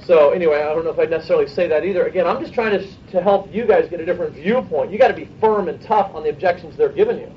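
High-voiced male sales trainer, distant mic. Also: highs cut off, slight background noise. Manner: brisk, coaching, peppered with "okay?" and rhetorical questions. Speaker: sales manager training his team. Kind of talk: sales training talk to a room.

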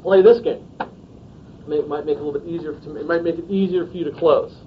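Male sales trainer, higher voice, direct and no-nonsense, lo-fi training video. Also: fairly even intonation, fast talker. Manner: direct, checks in with "okay?". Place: training room, filmed on video camera. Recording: dull lo-fi video with faint rumble.

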